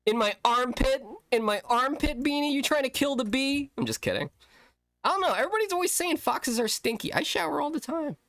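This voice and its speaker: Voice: high voice, sing-song, a little fast, fairly bright tone, dry recording, clean studio sound. A streamer giving casual gameplay commentary, chatty with rambling asides and laughing at the game. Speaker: streamer playing a video game. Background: game music.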